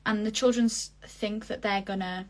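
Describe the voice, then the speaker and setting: A young woman vlogger talks through a theatre review, gushing and using plenty of fillers in a loose, unscripted way. Her voice sits mid-pitch, her tone stays steady, and she speaks at a normal speed.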